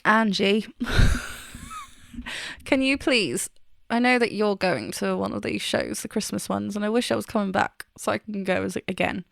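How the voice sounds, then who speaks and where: A woman's voice: medium pitch, wildly swooping pitch, measured pace, creaky, a bit bright, dry recording, studio quality. A woman vocal coach chatting enthusiastically as she reacts to a song and explains singing technique. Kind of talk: casual reaction and vocal analysis.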